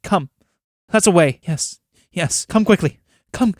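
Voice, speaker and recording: A man's voice: sits high, animated, a little slow, a little mellow, no echo, studio quality, pitched above the performer's own voice. A man voicing frightened, desperate starving peasants in a raised, pleading and urgent voice.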